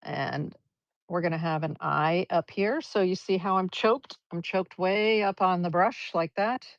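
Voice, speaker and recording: Painting live for her class, a woman art teacher speaks a little slowly in a low voice with a gravelly edge, cheerfully encouraging and talking through each brushstroke. The stream's audio is lo-fi and dull, completely dry.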